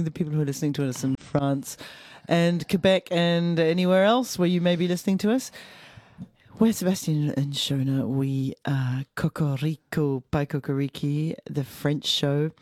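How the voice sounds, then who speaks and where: A woman's voice: low voice, moderate pace, mellow, no room sound, studio quality. A woman co-hosting a radio show, presenting in a friendly, explanatory way. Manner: friendly, explanatory, laughs easily.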